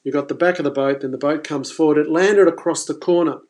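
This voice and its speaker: A man hosting a live fishing stream, telling a story in an animated, exclaiming way. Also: on the high side, fast. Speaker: fishing presenter.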